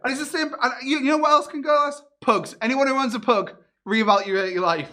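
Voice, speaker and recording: A man's voice: very high voice, fairly quick, bright, forceful tone. A man, doing a self-deprecating stand-up comedy set with punchy delivery. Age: 30s.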